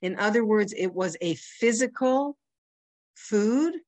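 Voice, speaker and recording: A woman's voice: mid-range voice, expressive, takes it slowly, a little mellow, no room sound. Canadian woman teaching a casual Torah class. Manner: conversational, checks in with "right?" and "you know". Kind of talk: informal religious lesson.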